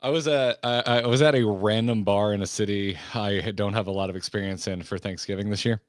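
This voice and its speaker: A man with a fairly low voice co-hosts a podcast in casual chat. He tells relaxed anecdotes and acts out the quotes. The sound is dry and close. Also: a little fast, dry recording. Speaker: podcast host.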